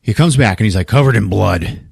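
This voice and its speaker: A man hosting a podcast, recapping a movie in casual, profane, animated storytelling. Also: fairly low pitch, fairly quick, creaky, husky, dry recording, studio quality. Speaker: podcast host.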